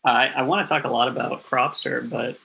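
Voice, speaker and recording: An easygoing man hosting a relaxed interview. His voice is gravelly and husky, with plenty of vocal fry. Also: medium pitch, fairly quick, poor audio. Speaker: interviewer, podcast host. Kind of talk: casual interview chat.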